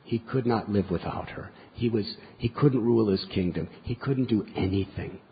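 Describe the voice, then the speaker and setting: Husky-voiced man telling a scripture story. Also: fairly low pitch, moderate pace. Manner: vivid storyteller, moralizing asides. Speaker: spiritual teacher. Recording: dull lo-fi lecture recording.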